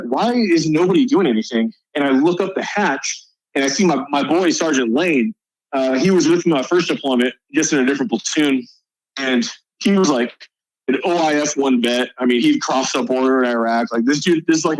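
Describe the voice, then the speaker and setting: A man's voice: mid-range voice, brisk, dry recording, rough recording. A male soldier guest on a podcast, telling a combat story in a casual, profane way.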